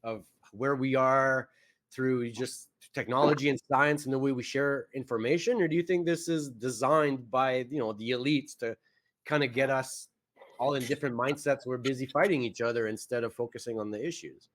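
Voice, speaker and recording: Relaxed man hosting a podcast. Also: medium pitch, normal speed. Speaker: podcast host. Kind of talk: casual podcast conversation.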